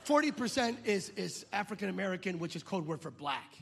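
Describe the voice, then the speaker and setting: A man pastor telling a story in a sermon, animated and acting out the dialogue. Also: high-pitched, brisk, creaky, slight background noise. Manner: animated, acts out dialogue in voices. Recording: long reverb of a large hall.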